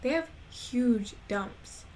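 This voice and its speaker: Giggly woman chatting slowly. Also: fairly high pitch, expressive, a little mellow, a little hiss or hum. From Texas. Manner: giggly, rambling, laughs often. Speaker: streamer. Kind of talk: casual chat while gaming.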